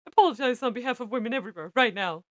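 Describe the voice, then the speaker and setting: A woman's voice: on the high side, animated, racing, a bit bright, no room sound, studio quality. A woman voicing a stern, condescending older woman secretary in a visual novel, who belts out harsh, scolding demands. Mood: demanding.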